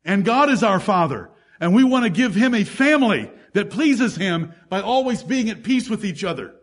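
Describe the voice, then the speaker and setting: Male pastor, husky, a bit high, emphatic sermon delivery. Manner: preaching, reading scripture aloud with emphasis.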